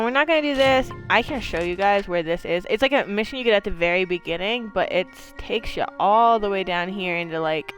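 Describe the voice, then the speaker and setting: A woman streamer giving casual, rambling commentary while she plays, with lots of fillers, the odd swear word and easy laughter. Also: medium pitch. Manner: laughs easily. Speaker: game streamer.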